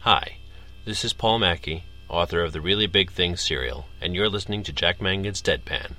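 A man's voice: sits low, normal speed, sharp tone, a little hiss or hum. A man, an author, recording several takes of a short podcast promo in an upbeat announcer manner.

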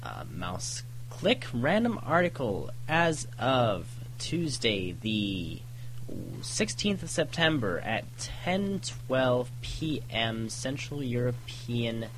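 A man from Germany chats casually, rambling and correcting himself as he goes. His pitch moves a lot, and a faint hum of noise sits behind him. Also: a bit bright, low-quality recording. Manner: rambling, self-correcting, chuckling at his own slips. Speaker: podcast segment contributor. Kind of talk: casual chat.

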